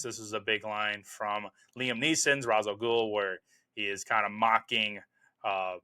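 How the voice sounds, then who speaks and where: Man, young adult, bright tone, casual film review host, rambling with lots of ums. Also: on the low side, measured pace, smooth. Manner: relaxed, rambling, many fillers.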